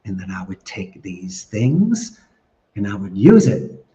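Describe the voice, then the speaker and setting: A man giving animated, story-filled interview answers and laughing often. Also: fairly low pitch, slow pace. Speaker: podcast guest. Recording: echoey, dull lo-fi sound.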